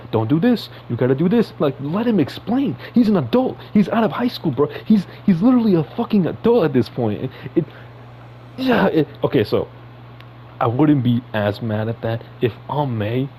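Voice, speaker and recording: A man ranting in casual commentary, heated and profane, his voice jumping into high outbursts. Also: warm tone, slight background noise, rough recording. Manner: heated, swearing, sudden high-pitched outbursts. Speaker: podcast host.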